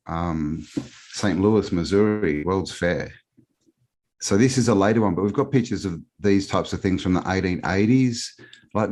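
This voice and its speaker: An Australian man talks casually over a remote call as a guest on a live show. His voice sits very low, and he wanders through his points with plenty of fillers. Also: a little mellow. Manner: rambling, meandering with many fillers. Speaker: podcast guest.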